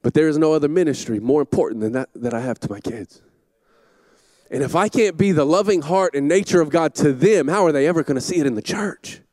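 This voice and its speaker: A middle-aged man, a campus pastor, preaching a sermon in a church, telling stories with shouted asides. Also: fairly high pitch, brisk, dry recording. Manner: animated storytelling with shouted asides. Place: church auditorium.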